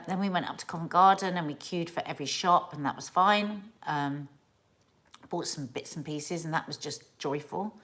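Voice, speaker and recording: A middle-aged woman from England chats loosely on a home live stream, full of restarts and asides as she reads out viewer messages. Her voice sits a little low for a woman. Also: fairly bright tone. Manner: chatty, rambling, with restarts and asides. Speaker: host of a family live stream. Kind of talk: casual live-stream chat reading viewer comments.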